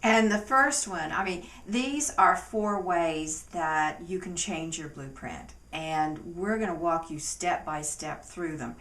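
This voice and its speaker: A woman with a fairly low voice, speaking as a relationship coach in a friendly, easygoing manner. Her voice comes from a bit back from the mic, in a room with a noticeable echo. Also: slow, few pauses, a bit bright, recorded from a distance. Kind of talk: casual talk to camera.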